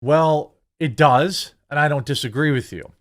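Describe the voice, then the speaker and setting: A man hosting casual political commentary, talking in an animated, sarcastic way with lots of fillers. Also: a little high, a little slow. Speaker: political commentator, channel host.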